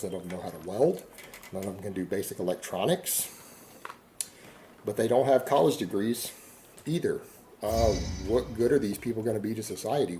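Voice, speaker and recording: A man's voice: on the low side, dark tone, slight background noise, poor audio. A middle-aged man from Texas in a casual, rambling monologue to camera, defiant and full of rhetorical questions. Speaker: online video creator.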